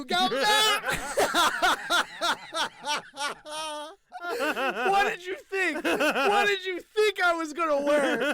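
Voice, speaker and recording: A man's voice: very high-pitched, bright, forceful tone, pitched above the performer's own voice, exaggerated voice. A man putting on a cheeky mock-posh Londoner voice during podcast banter, with an exaggerated sing-song delivery.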